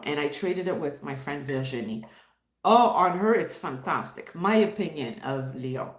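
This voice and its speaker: Montreal woman chatting on her live stream, lowish voice, greets people in chat, kinda echoey room. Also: expressive, unhurried. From Montreal, Canada. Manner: chatty, reads chat, greets viewers warmly by name. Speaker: livestream host.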